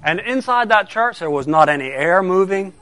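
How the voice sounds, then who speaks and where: Animated pastor telling children a story. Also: male voice, sits high, moderate pace, no echo. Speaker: pastor giving a children's sermon.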